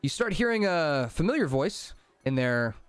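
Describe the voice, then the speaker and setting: A man's voice: a little high, very animated, normal speed, clear, resonant tone, dry recording, faint music behind. A man narrating a tabletop game as game master, casual and rambling with many fillers.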